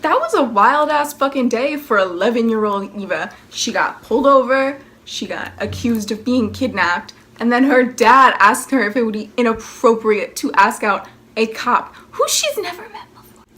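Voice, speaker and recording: A young woman in her late teens, a vlogger, speaks in a slightly high, fairly bright voice. Her casual storytime is sarcastic and profane, packed with "like," and she breaks into exaggerated, mocking impressions of other people.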